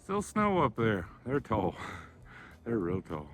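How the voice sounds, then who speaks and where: A man narrating a casual outdoor travel vlog, easygoing and unhurried as he admires the scenery, filmed outdoors on a handheld camera. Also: on the low side, huge pitch swings, faint music behind. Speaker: vlogger. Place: outdoors in the mountains.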